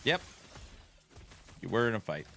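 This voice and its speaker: Playful, slow-talking male streamer. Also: fairly low pitch, sing-song, vocal fry, pushed and bright, soft background music. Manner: playful, teasing, talks back to chat. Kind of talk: casual live-stream chat.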